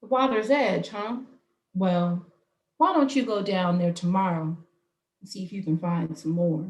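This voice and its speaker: A woman voicing a greedy, lazy stepfather who talks in a gruff, grasping way. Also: on the low side, unhurried, darkish tone, echoey room, close to an everyday voice.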